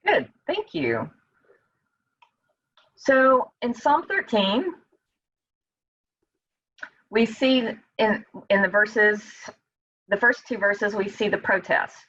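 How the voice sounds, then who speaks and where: A woman's voice: medium pitch, animated, slow, long pauses, fairly bright tone, no room sound, highs cut off. A woman teaching a casual Bible study over a video call, talking in a conversational way and acting out the psalmist's cries.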